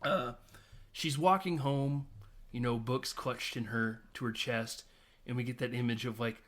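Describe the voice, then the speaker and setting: A man's voice: medium pitch, steady tone, unhurried, a bit bright. A man co-hosting a podcast, casually retelling a movie scene by scene with lots of fillers and little acted-out quotes. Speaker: podcast co-host. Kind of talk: casual film discussion.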